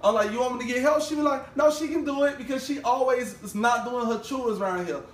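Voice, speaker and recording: A man's voice: very high-pitched, quick pace. A young man co-hosting a casual podcast, telling a long story and acting out every quoted voice. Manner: animated, acts out every quoted voice. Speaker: podcast co-host. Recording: roomy, distant mic with faint ambience.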